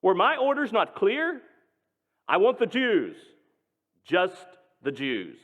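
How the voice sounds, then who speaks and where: A man's voice: sits high, huge pitch swings, takes it slowly, pitched above the performer's own voice, full character voice. A man voicing a furious male Nazi camp major who screams and barks orders. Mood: screaming. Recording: tinny, echoing hall.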